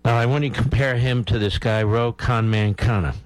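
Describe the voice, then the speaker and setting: A man's voice: medium pitch, steady tone, moderate pace, no echo, poor audio. A man hosting a talk radio show, delivering a blunt, emphatic opinion monologue and cueing his producer.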